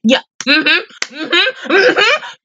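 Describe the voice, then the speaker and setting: A woman hosting an anime reaction video, gushing excitedly and swearing freely in casual commentary. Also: very high voice, extremely slow, highs cut off, slight background noise.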